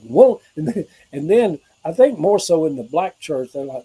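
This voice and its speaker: Husky Southern man preaching hope. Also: a little high, big pitch swings, moderate pace, dark tone, low-quality recording. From American South. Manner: earnest, rambling, preacher-like with asides to viewers. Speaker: livestream host. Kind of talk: informal spiritual livestream talk.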